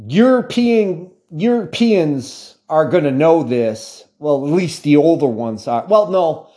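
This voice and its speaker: Speaking to camera in a fairly high voice, a channel host from the United States rambles casually. He drifts onto tangents and keeps restarting with fillers.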